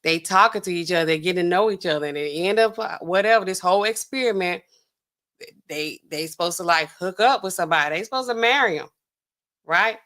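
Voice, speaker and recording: A woman's voice: lowish voice, a little fast. A woman hosting a livestream, casually retelling a dating show with AAVE speech and acting out the people in it. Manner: animated, acts out dialogue with voices. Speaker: livestream host. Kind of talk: casual storytelling chat.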